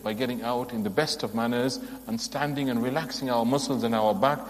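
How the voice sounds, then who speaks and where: A man's voice: medium pitch, steady tone, brisk. A man giving a religious lesson, earnest and emphatic, asking his listeners pointed rhetorical questions. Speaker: religious teacher. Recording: long hall reverb.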